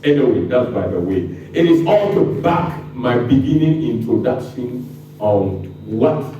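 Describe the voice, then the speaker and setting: A man's voice: medium pitch, expressive, a little slow, mellow, highs cut off, slight background noise. A man with a Ghanaian accent giving a public lecture, impassioned and firing rhetorical questions at the audience. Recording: very echoey room, mic far off.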